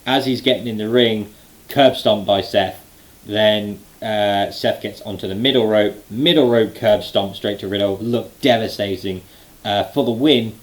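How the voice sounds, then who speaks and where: A young man recapping a live event in a casual, excited way, full of fillers and restarts. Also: fairly low pitch, unhurried, poor audio. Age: late 20s. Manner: excited, rambling with many fillers. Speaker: wrestling fan vlogger.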